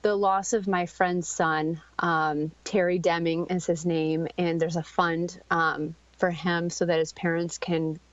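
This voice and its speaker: A middle-aged woman telling a painful personal story in a podcast interview, halting and searching for words, with frequent ums and restarts. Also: lowish voice, flat delivery, no room sound. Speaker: guest. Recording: dry, slightly dull podcast audio.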